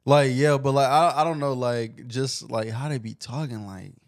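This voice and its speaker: A man's voice: mid-range voice, normal speed, no echo, studio quality. A man with Michigan roots who grew up in the South, co-hosting a casual podcast chat in an easygoing, hesitant way. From Michigan roots, raised in the South. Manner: easygoing, hesitant, many fillers. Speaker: podcast co-host.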